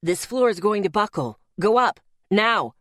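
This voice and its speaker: A woman's voice: sits low, animated, a little slow, dry recording, studio quality, pitched below the performer's own voice. A woman narrator voicing a mysterious, authoritative man who barks orders. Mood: commanding. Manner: barking orders.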